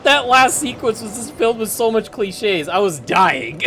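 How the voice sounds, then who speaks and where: A young adult streamer ranting casually while playing a video game, swearing freely and breaking into loud bursts of laughter. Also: mid-range voice, expressive, normal speed, a little hiss or hum. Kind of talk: casual rant while gaming.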